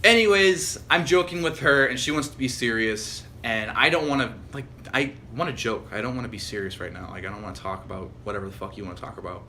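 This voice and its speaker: A man's voice: medium pitch, quick pace, few pauses, pushed and bright, a little hiss or hum. A young man telling rambling, profane stories as co-host of a casual podcast. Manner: rambling storyteller, heavy swearing, mocking quoted voices. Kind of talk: casual chat.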